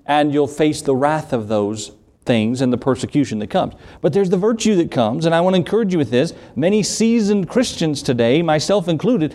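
A middle-aged man with a Southern US accent preaching a sermon in an earnest, conversational way, with quick asides to the congregation. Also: fairly high pitch, darkish tone. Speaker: pastor.

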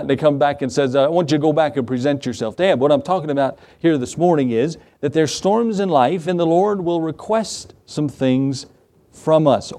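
A man delivers a sermon in a mellow, warm-toned voice at a middling pitch. He mixes scripture reading with folksy stories and asks the congregation rhetorical questions. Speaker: pastor.

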